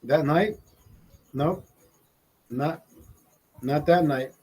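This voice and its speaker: A man's voice: fairly high pitch, extremely slow, a little mellow, husky, rough recording. A man in his forties from Honduras telling a rambling, profane story in casual chat, laughing as he goes. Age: 40s. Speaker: podcast host.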